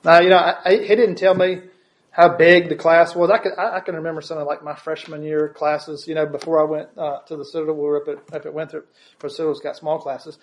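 A preacher delivers a sermon, narrating a story in his own voice. His register is slightly high, and he talks fast with a flat delivery. He often restarts phrases and checks in with listeners through short tag questions.

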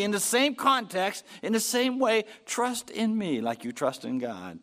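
A male pastor delivers a sermon at an unhurried pace. His pitch ranges widely, swelling higher and louder on the words he stresses as he reads scripture. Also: sing-song.

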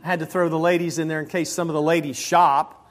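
A male pastor preaching a sermon in a church, joking and swinging between loud emphasis and quiet asides. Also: fairly high pitch, flat delivery, fast talker.

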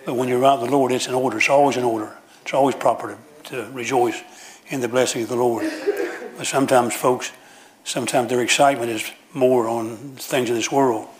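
A man's voice: mid-range voice, fairly even intonation, brisk. A man preaching a sermon in a church, telling folksy stories with frequent restarts and repeated phrases.

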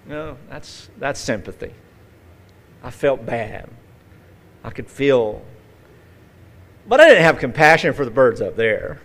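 A man's voice: mid-range voice, sing-song, a little slow, long pauses, fairly bright tone. A male pastor preaching a conversational sermon, telling folksy stories with vivid acted-out asides.

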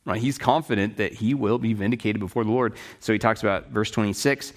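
A man's voice: lowish voice, fairly quick. Conversational man teaching a Bible study. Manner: conversational, checks in with "right?" and "okay?"; explains in plain paraphrase with restarts.

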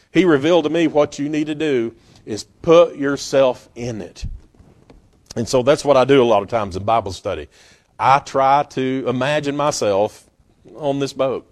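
A man preaches a sermon at normal speed in a medium-pitched voice, telling it folksy-style and acting out scenes with sudden loud outbursts.

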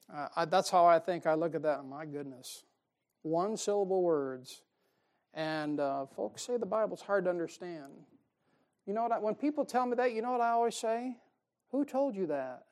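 This man's sermon is folksy and forceful, full of chuckles at his own jokes and swings between loud stresses and gentle asides. His voice is high-pitched, his speed normal, and he pauses often.

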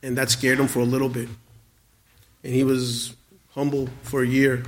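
A man in his forties preaching a sermon, earnest, with many stammered restarts and swings between loud emphasis and quiet asides. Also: medium pitch, monotone, normal speed. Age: 40s. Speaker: pastor.

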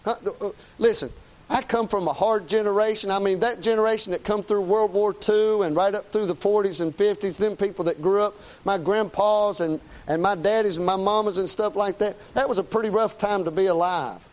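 Preacher guy, middle-aged, high-pitched, talks plain and folksy like he's chatting with the congregation. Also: a little fast. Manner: folksy, plain-spoken and emphatic. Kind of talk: conversational sermon.

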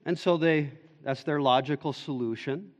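A man's voice: fairly high pitch, normal speed. A male pastor preaching an expository sermon in an earnest, explaining way. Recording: dull echoey church hall recording.

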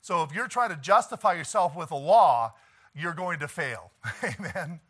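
A man preaching a sermon, swinging from quiet pleading to shouted declarations and chuckling between points. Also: on the high side, animated, moderate pace, breathy edge. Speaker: pastor.

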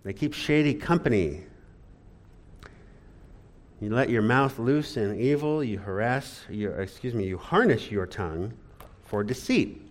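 A man preaching a sermon with dramatic emphasis, swinging between loud rises and quiet drops, with sarcastic asides. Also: medium pitch, expressive, measured pace, pauses often. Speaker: pastor.

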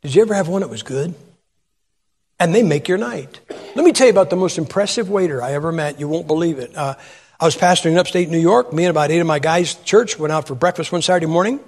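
A man's voice: fairly high pitch, in a large hall. An older man preaching a sermon, telling stories and putting questions to his audience. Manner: storytelling, asks the audience questions. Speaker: pastor.

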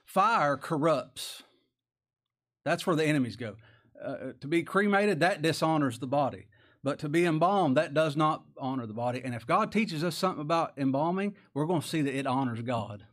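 Folksy male preacher, slightly high voice. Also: lively intonation, moderate pace, fairly bright tone. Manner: folksy, conversational, rhetorical questions, chuckles. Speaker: pastor. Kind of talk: sermon.

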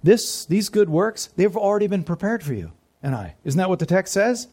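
A man's voice: high-pitched, very animated, normal speed. Preaching man asking the room questions. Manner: call-and-response questions to the congregation, dropping to soft asides. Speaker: pastor. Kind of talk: sermon.

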